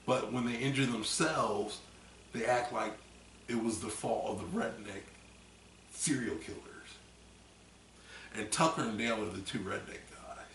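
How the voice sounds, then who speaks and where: A man with a gravelly, bright voice tells a story in a rambling, animated way and lets out loud acted screams along the way. He is a little tipsy from drinking, and he is recorded from a distance in an echoey room with a faint hiss of noise. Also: on the low side, a little slow, pauses often. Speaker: vlogger. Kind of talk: casual chat.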